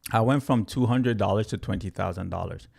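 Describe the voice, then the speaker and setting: Man, thirties, low gravelly voice, animated streamer, keeps saying "right?" and "you guys". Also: fairly quick. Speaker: crypto trading educator. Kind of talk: casual livestream rant to chat.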